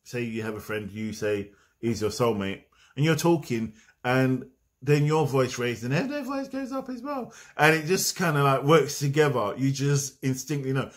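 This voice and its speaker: A man's voice: medium pitch, animated, moderate pace. A man giving a casual, meandering spiritual talk to camera. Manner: meandering, conversational, drifting off on tangents. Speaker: spiritual vlogger.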